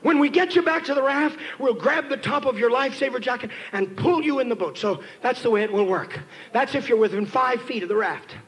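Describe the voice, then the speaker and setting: A man preaching a sermon, telling a story and building to shouted emphasis as he calls on the congregation. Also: very high voice, lively intonation, a little fast, low-quality recording. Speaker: pastor. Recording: 1990s church sermon tape with faint hiss.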